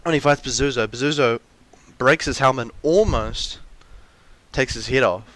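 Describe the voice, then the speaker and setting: A man's voice: mid-range voice, normal speed, fairly bright tone, no room sound. A young man in a ranty, rambling monologue, full of restarts and fillers, with mocking acted-out quotes of characters. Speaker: video essayist.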